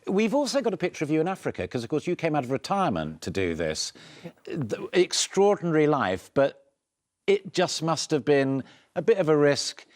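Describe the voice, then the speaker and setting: Lively male news anchor. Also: fairly high pitch, normal speed. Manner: upbeat, playful wordplay. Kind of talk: live TV studio interview. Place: TV news studio.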